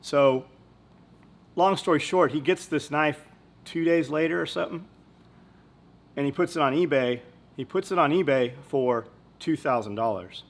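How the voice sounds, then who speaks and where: Slightly high-voiced and talking at normal speed with long pauses, a man who owns a company rambles through business anecdotes on his podcast. The chat is casual and blunt, and he swears freely.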